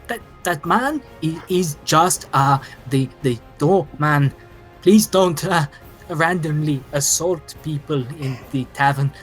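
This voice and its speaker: A man's voice: medium pitch, slow pace, soft background music, close to an everyday voice. A man voicing a nervous, frantic male tavern keeper who stammers and hesitates.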